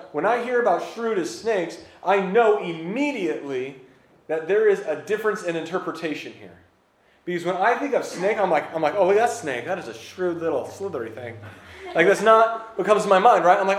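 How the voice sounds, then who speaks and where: A man preaching a conversational sermon to a congregation in a church, with casual, joking asides to the crowd. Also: high voice. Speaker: pastor. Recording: roomy church hall echo.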